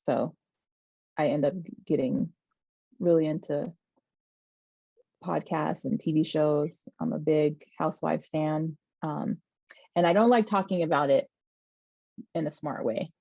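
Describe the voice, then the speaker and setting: Low gravelly woman on a dull dry mic. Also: unhurried, pauses often, no room sound. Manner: relaxed, self-deprecating, laughs between phrases. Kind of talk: casual conversation.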